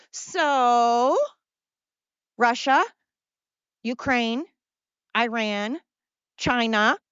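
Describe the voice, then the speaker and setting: An excited, brash woman rants through a casual podcast monologue, swearing freely as she goes. Her voice sits a little high. The sound is dry and slightly muffled. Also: clear, resonant tone, no echo. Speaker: podcast host.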